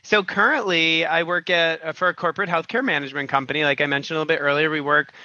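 A man speaking as a guest on a podcast interview, friendly and measured, with some uhs. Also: a little high, steady tone, pushed and bright, dry recording, highs cut off. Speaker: guest, nurse informaticist.

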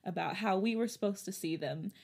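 A woman's voice: mid-range voice, vocal fry, husky. A young woman co-hosting a podcast, reacting in casual chat and laughing readily. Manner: lively reactions, quick to laugh. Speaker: podcast co-host.

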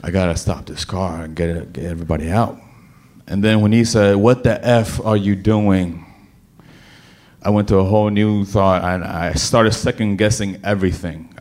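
Guy with a lowish voice telling a wild story, animated, keeps tripping over his words. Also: brisk. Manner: animated, dramatic, stammers on repeated words. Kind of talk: personal story told to an audience.

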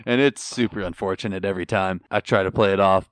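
A man's voice: low-pitched, steady tone, fast talker, smooth, no room sound, studio quality. A man co-hosting a podcast, rambling and gushing with enthusiasm in casual chat. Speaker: podcast co-host.

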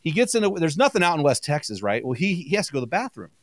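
An energetic man telling stories on a podcast, slightly high-pitched for a man and quick to laugh. The sound is dry and close, with no room echo. He talks fast and keeps the chat casual. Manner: energetic storyteller, quick and chatty, laughs often. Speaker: podcast guest.

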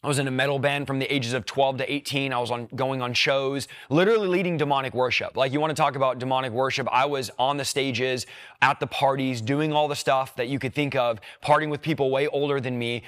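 A man's voice: mid-range voice, fairly bright tone, dry recording, clean studio sound. A young man earnestly telling his personal faith testimony, retelling near-death events with quoted thoughts and emotion. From rural background. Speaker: guest sharing a testimony.

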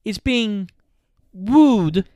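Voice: medium pitch, expressive, very slow, dark tone, no echo, studio quality. A podcast co-host recapping a movie plot in a casual, matter-of-fact way.

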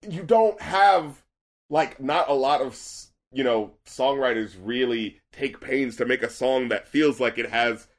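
A young man co-hosting an album review podcast, talking in animated casual chat with lots of fillers, restarts and swearing. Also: mid-range voice, measured pace, hardly any pauses.

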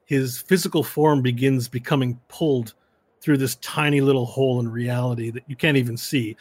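A man narrating a tabletop game as game master, telling the story slowly and dramatically. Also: mid-range voice, fairly even intonation, a little mellow, breathy edge, no echo.

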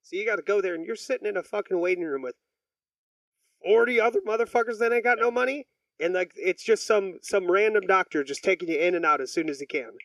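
Profane, rambling high-voiced man. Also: quick pace, fairly bright tone, no room sound, recorded from a distance, rough recording. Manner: rambling, swears a lot, acts out quoted people. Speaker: podcast co-host. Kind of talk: casual profane chat.

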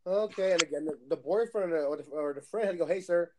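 A man's voice: on the high side, fast talker, dark tone. A man co-hosting a casual chat, chiming in and recounting what he has seen at conventions. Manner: chiming in with short agreements and quoted asides. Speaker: podcast co-host. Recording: noisy background hiss.

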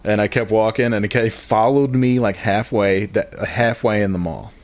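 A man's voice: fairly low pitch, fairly even intonation, moderate pace. A man telling a rambling, self-deprecating comic story on a podcast, swearing and laughing at himself.

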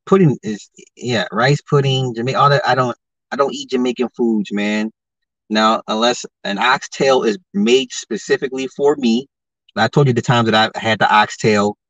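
A man hosting a podcast, giving confrontational social commentary and firing off rhetorical questions, his voice jumping high when he gets heated. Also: a bit bright, no room sound. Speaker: podcast host. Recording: dull lo-fi podcast mic, dry.

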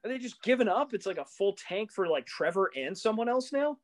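A young man co-hosting a casual sports podcast, talking in animated, exasperated rants full of rising questions. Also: sits high, fairly quick, few pauses. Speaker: podcast co-host.

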